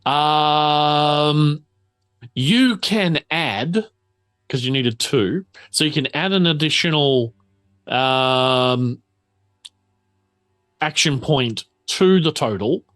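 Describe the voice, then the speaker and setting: A man running a tabletop game as game master, explaining rules slowly with lots of fillers. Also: on the high side, a bit bright. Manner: unhurried, drawn-out explanations with fillers.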